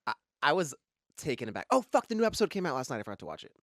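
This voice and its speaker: A man co-hosting a podcast, telling stories in a casual chat with lively swearing. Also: medium pitch, no room sound, studio quality. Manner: rapid, animated storytelling with lots of swearing. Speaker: podcast co-host.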